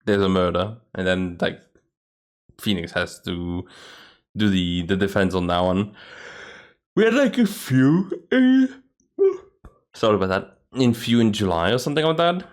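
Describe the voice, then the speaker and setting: A man's voice: deep voice, normal speed, smooth. A man hosting a game playthrough, rambling in a chatty way with lots of filler words. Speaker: gaming video host. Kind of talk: let's play commentary.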